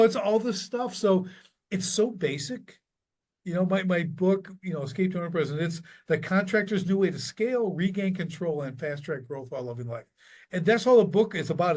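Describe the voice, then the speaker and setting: A man coaching tradespeople tells stories in a relaxed interview, with a somewhat high voice. He gets animated, acting out what his clients say. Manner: animated storyteller, acts out quoted lines. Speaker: business coach for contractors. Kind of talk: casual podcast interview.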